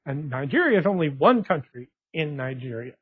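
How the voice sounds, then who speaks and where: A man's voice: on the high side, big pitch swings, normal speed, husky, no echo. A man from West Texas, talking in a rambling, digressive monologue full of restarts. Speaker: blogger. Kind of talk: casual monologue. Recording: tinny phone-like dry sound.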